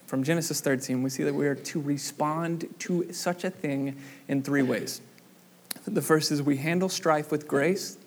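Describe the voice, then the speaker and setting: A man's voice: a little high, unhurried. A young man preaching a sermon, telling a funny personal story in a casual way with lots of fillers before moving on to the scripture. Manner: casual storytelling with many fillers, acts out quoted voices loudly.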